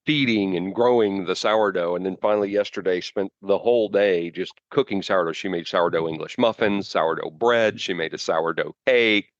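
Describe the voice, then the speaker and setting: Deep-voiced man rambling with fillers. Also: no echo, lo-fi sound. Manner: rambling, halting with many fillers and restarts. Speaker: podcast co-host. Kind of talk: casual chat.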